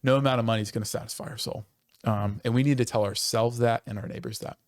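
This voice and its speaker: A man's voice: mid-range voice, fairly even intonation, dry recording. A man, a pastor, talking earnestly and passionately in a conversational church podcast, often restarting his sentences. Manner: earnest and passionate, quickening when stirred, with self-interrupting restarts.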